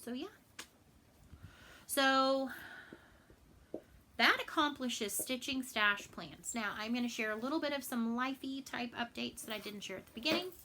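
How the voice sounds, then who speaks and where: A woman's voice: on the high side, measured pace, pauses often, sharp tone, a little hiss or hum, poor audio. A woman from Texas in a casual home vlog, chatting and rambling with many fillers and repeated words. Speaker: cross stitch vlogger. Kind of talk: casual chat.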